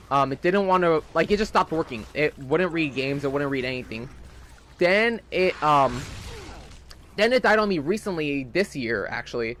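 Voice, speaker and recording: A man's voice: a little high, a bit bright, slight background noise. A young man rambling casually in gameplay commentary, chatty and full of fillers. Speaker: gaming channel host.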